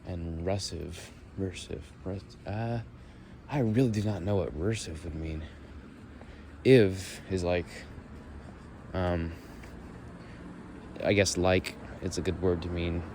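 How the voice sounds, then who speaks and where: A young man musing and thinking out loud as he walks outdoors through leaves. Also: low-pitched, steady tone, slow, long pauses, a little hiss or hum. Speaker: vlogger. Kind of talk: rambling walk-and-talk monologue.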